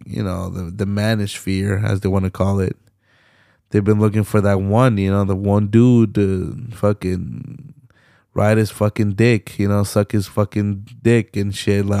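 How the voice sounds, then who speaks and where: A young man with a low, gravelly voice delivers an exasperated, profanity-laden solo rant as a podcast host. He talks slowly and with a dark, mellow tone. The sound is dry and close. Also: no echo. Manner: profane, exasperated ranting with lots of fillers.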